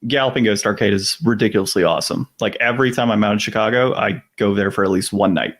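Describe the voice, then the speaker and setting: A man hosting a podcast interview in a relaxed, enthusiastic way, with plenty of fillers. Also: fairly low pitch, quick pace. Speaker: podcast host.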